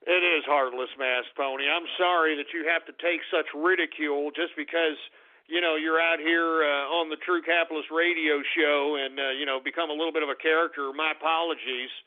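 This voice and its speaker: A man's voice: a little high, steady tone, a little fast. A man hosting a call-in radio show, ranting profanely and sounding exasperated at his callers. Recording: tinny phone-like sound.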